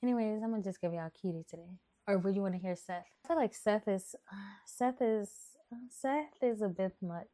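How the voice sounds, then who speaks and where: A woman's voice: medium pitch, moderate pace, warm tone. A woman from New Orleans who grew up in Texas, hosting a podcast in a chatty, rambling, playful way. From New Orleans, raised in Texas. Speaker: podcast host. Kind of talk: casual chat.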